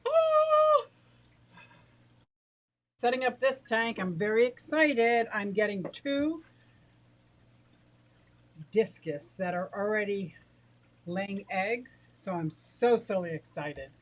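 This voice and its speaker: A middle-aged woman from the United States, out of breath and excitable, chatting casually on a livestream about her fish and greeting viewers. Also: mid-range voice, takes it slowly, long pauses, low-quality recording. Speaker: aquarium and exotic pet livestreamer.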